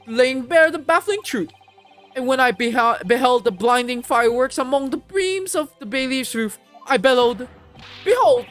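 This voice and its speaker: A woman voicing an excitable, theatrical Japanese man abroad in a game, speaking in gushing, alliterative outbursts. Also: a little high. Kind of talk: reading a visual novel aloud.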